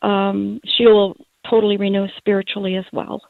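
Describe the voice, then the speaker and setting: A woman from Minnesota calling a radio show, telling her story in a steady, matter-of-fact way. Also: mid-range voice, moderate pace, vocal fry, dry recording. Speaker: radio caller. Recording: tinny phone line.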